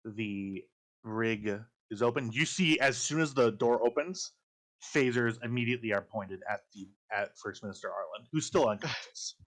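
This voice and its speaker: A man's voice: fairly low pitch, normal speed, fairly bright tone. A man with a Midwestern accent, running a tabletop role-playing game as game master, hesitant and full of ums and restarts. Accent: Midwestern American. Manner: hesitant, lots of ums and restarts, laughs often. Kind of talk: narrating a tabletop game over a call.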